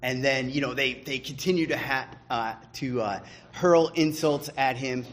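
A man's voice: medium pitch, unhurried, slight background noise. A man preaching a sermon as pastor, talking conversationally with fillers and restarts, then building to fervent emphasis.

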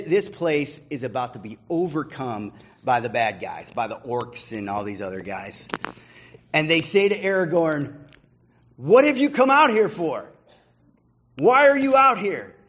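A man preaching a sermon as pastor, talking conversationally with fillers and restarts, then building to fervent emphasis. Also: mid-range voice.

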